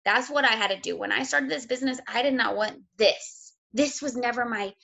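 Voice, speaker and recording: A woman's voice: fairly high pitch, fairly quick, vocal fry, sharp tone. A woman, a fitness coach giving a blunt, emotional motivational talk, sick and close to tears, swearing freely.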